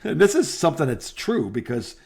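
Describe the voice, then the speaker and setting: A man's voice: on the high side, sing-song, a little fast, vocal fry, darkish tone. Dry-humored man reading jokes aloud. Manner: dry, reads out a list of jokes and chuckles. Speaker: podcast co-host. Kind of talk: casual phone chat. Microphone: phone call.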